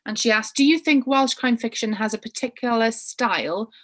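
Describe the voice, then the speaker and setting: A woman moderating an online author panel, briskly reading out audience questions and handing them to the guests. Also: a little high, fairly bright tone. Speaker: interviewer and moderator.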